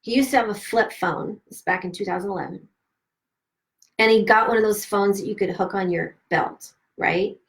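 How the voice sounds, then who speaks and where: A middle-aged woman hosting a live stream, candidly telling a painful personal story with emphatic, swearing, animated delivery and quoted dialogue. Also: medium pitch, normal speed. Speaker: host of a self-help live stream.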